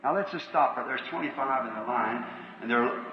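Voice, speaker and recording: Calling out numbers to the crowd, a folksy, earnest Southern American preacher speaks plainly and fairly quickly at a revival sermon and healing line. His mid-range voice echoes with a long tail through a large auditorium. The old, muffled tape was made from some distance and carries a little hiss or hum.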